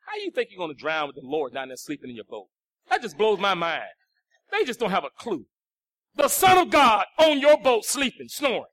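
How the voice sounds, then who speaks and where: A male pastor, preaching a sermon that swings between shouted lines and hushed, low passages. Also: dry recording, clean studio sound.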